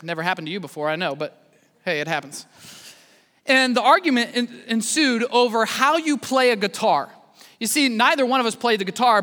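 Male pastor, animated storyteller, bright tone. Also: sits high, in a large hall. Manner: animated storytelling with asides to the congregation. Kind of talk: sermon.

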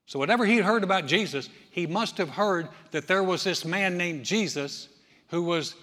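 A man preaching a sermon, animated, acting out scenes with loud cries and asides. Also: fairly high pitch. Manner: animated, acts out voices with shouts. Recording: echoey hall.

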